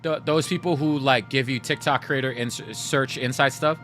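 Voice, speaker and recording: A man's voice: medium pitch, fairly even intonation, moderate pace, fairly bright tone, faint music behind. A man livestreaming, chatting casually with his viewers, addressing the chat directly and laughing often.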